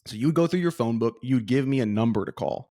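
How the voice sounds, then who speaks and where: A man's voice: mid-range voice, fast talker, dry recording. A man chatting on a podcast, swept up in his own stories and acting out the people in them. His voice sits in the middle range. The sound is dry and close, with no room around it. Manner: animated storyteller, acts out voices. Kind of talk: casual podcast chat.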